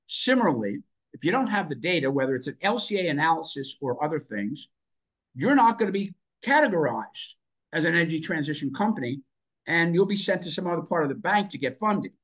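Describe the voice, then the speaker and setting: A man's voice: on the high side, sing-song, a little fast, fairly bright tone, husky. A man on a panel, talking emphatically with rhetorical asides and growing enthusiasm. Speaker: panel guest, finance expert.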